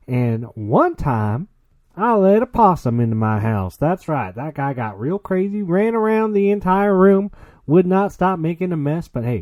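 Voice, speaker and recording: A man's voice: a little high, dry recording, lo-fi sound. A man putting on a boastful Southern cowboy drawl as a rowdy rodeo host. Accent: put-on Southern cowboy drawl. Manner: whooping, boastful showman.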